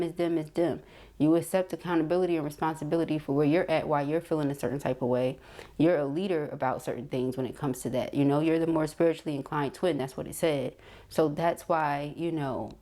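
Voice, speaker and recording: A woman's voice: low voice, a little mellow. A woman giving a tarot reading, reading card messages aloud and checking in with the listener with frequent "okay?" asides. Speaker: tarot reader.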